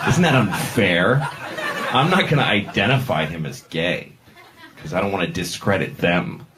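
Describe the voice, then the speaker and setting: A man doing stand-up comedy, rambling and deadpan with halting restarts. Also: low voice, heavy background noise.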